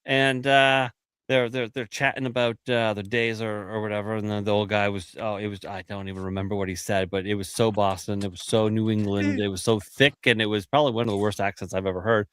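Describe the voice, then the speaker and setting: Bright, forceful man rambling casually. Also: on the low side, little pitch movement, brisk, clean tone, no room sound, studio quality. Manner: rambling, many restarts and fillers. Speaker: host. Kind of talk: casual chat.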